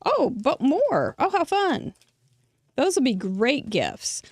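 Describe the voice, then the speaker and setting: A woman's voice: high voice, wildly swooping pitch, slow pace, darkish tone, dry recording. A woman hosting a card-making show, chatting to viewers in a chatty, effusive way and laughing often. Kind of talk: casual chat to viewers.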